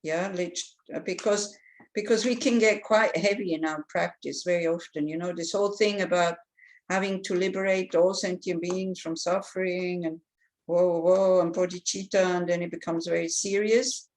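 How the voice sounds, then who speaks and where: Middle-aged nun giving a dharma talk, kinda low voice, chatty, lots of little asides. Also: female voice, normal speed, low-quality recording. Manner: animated, acts out inner voices; conversational, with asides and restarts. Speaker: Buddhist nun teaching. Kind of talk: dharma teaching.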